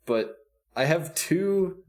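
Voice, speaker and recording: A man's voice: a little high, lively intonation, extremely slow. A young man co-hosting a podcast in casual chat, laid-back and laughing often, swearing now and then. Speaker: podcast co-host.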